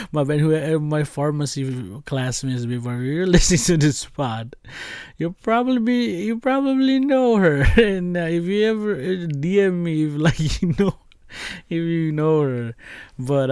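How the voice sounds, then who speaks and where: A man's voice: mid-range voice, darkish tone, dry recording. A young man who is not a native English speaker, telling a story as a podcast host, rambling with lots of fillers and laughs. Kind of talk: casual storytelling chat.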